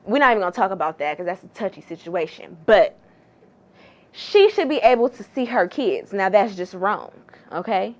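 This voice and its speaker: A woman's voice: mid-range voice, animated, moderate pace. A woman hosting a casual gossip vlog, chatty and sassy, with slangy, exclamatory asides. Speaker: entertainment gossip host.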